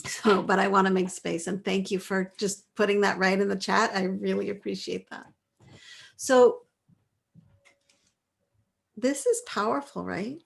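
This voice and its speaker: Slow, gently affirming woman teacher. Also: medium pitch, fairly even intonation, creaky. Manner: gentle, affirming, laughs often. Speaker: course leader. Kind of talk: live online class, reading out chat replies.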